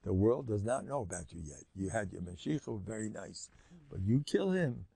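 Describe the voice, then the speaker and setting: An older man voicing Abigail, a wise and pious young woman, pleading in a hushed, earnest way. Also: fairly low pitch, big pitch swings, normal speed, creaky, slightly rough, exaggerated voice.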